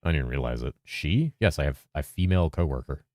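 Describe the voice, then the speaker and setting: A man with a very deep voice, chatting casually on a game stream, reading messages from chat aloud and answering them with casual swearing. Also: no room sound, clean studio sound. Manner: lively presenter inflection at times, drops into a flatter low voice at other times; talks fast to keep up with chat.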